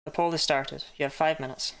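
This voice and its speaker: A woman's voice: sits low, steady tone, fairly quick. A woman chatting casually while streaming a game, laughing often and swearing now and then. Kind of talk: casual live-stream commentary.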